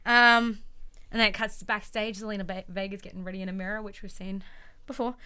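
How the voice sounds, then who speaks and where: A woman's voice: mid-range voice, fairly even intonation, fast, sharp tone, smooth. A woman chatting casually as a podcast co-host, rambling along with lots of fillers. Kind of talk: casual chat recapping wrestling.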